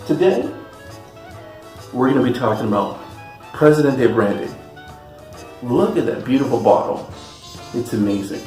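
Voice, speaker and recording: A man's voice: mid-range voice, expressive, normal speed, pauses often, dark tone. A man from California giving an enthusiastic, chatty tasting review as the host of his channel. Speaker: spirits reviewer. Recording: echoey room with faint music.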